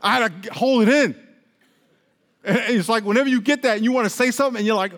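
A man preaching a sermon as pastor, lively, often acting out quoted voices. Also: very high-pitched, quick pace. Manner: animated, acts out quoted voices. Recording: long reverb of a large hall.

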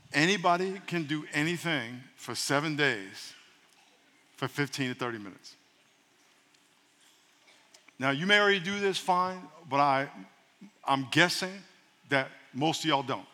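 A man preaching a sermon as a pastor, lively and humorous, leading the congregation in call-and-response. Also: a little high, measured pace, long pauses, long reverb tail, a little hiss or hum.

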